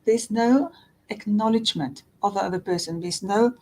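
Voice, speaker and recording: A middle-aged woman counselor speaks at medium pitch and normal speed in a dark tone, earnestly and repetitively explaining relationship patterns in a talking-head advice video. She often restarts phrases and acts out example quotes, and the recording is low quality.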